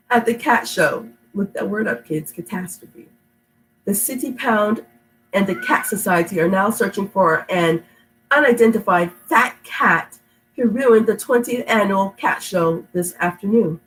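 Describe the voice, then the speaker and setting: A middle-aged woman reads children's stories aloud at home while sounding sick and stuffed up. Between stories she rambles in an affectionate, chatty way and laughs easily. Her voice is middle-pitched, with a faint hum behind it. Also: a little slow, a bit bright, poor audio. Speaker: storytime reader. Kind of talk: reading aloud to kids, then casual chat. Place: home indoors.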